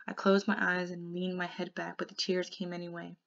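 A woman reading a novel aloud in an expressive way, softening to a hush in the quiet passages. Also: fairly low pitch, fairly quick, vocal fry. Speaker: audiobook reader. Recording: dull lo-fi recording.

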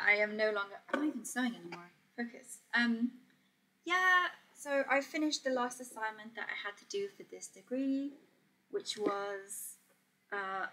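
A young woman with a slightly high voice chats through a live sewing stream. She reads viewers' comments aloud, laughs often, and keeps an easygoing, friendly patter going while she works. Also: lively intonation, normal speed, bright, forceful tone. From Portugal. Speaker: sewing livestream host.

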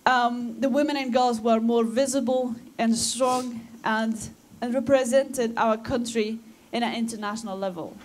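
Earnest woman, fairly high voice. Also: fairly even intonation, a little slow, few pauses, slight background noise. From Afghanistan. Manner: earnest and impassioned, with restarts. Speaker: guest speaker at a school talk. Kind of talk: personal talk to students. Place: school assembly room.

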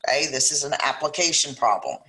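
Bright-voiced Louisiana math teacher. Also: female voice, low-pitched, lively intonation. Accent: South Louisiana. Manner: thinks aloud, slows down when dictating numbers. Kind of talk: recorded math lesson, working problems aloud.

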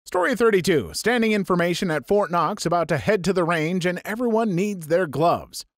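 A man reads viewer stories aloud in a bouncy, lively voice that sits a little high. He slips in sarcastic asides as he goes, and the sound is close and dry. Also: normal speed, no room sound. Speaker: story channel narrator. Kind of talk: reading online stories aloud.

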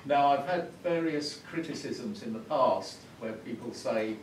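In a university classroom, a man leading a music workshop as a visiting professor explains concepts and shares a story with a thoughtful, teaching manner. His mid-range voice is a little slow with hardly any pauses, and the noisy recording was made from far off in a roomy space.

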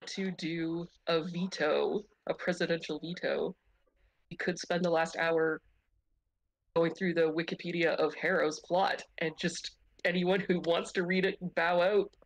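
Woman, casual chat, slightly low voice, dry close sound, frank, wry, rambling. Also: no echo. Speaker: book club member.

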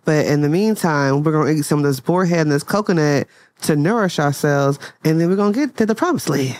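A woman's voice: low-pitched, lively intonation, fairly quick, darkish tone, no room sound. A woman playing her character in an improvised role-play, brash and bossy, trash-talking. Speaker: guest player.

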